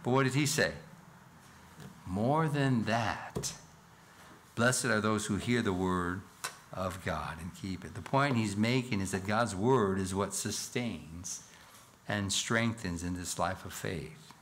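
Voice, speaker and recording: A male pastor preaching in a church, speaking slowly in a fairly low voice. He stays earnest and leans into emphatic scripture readings and rhetorical questions, with a faint hum of the room behind him. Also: fairly bright tone. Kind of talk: expository sermon.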